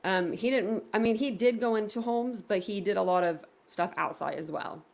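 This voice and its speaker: A woman's voice: mid-range voice, normal speed, creaky. A woman hosting a casual livestream, talking in a rambling way with many fillers and reading viewer comments aloud. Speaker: livestream host reading chat.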